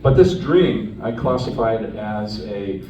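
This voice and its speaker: A low-voiced man from Canada tells his personal story to a hall audience, earnest and conversational, often restarting his sentences. He is heard from a distance on a phone held out in the crowd. The room rings with echo and there is steady background noise. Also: a little slow. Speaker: speaker recounting his captivity to an audience. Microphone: phone recording from the audience.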